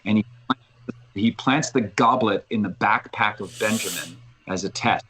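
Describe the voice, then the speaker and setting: Male podcast guest, lowish voice, animated storyteller who restarts his sentences. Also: moderate pace, a crowd in the background, poor audio. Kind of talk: casual conversation.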